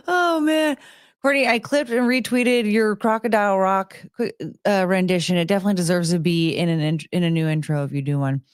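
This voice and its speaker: A woman's voice: medium pitch, normal speed, clear, resonant tone, no room sound, studio quality. A woman chatting casually with her live-stream viewers, rambling and giggling and often breaking off mid-sentence. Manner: rambling, self-interrupting, giggly. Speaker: livestream host.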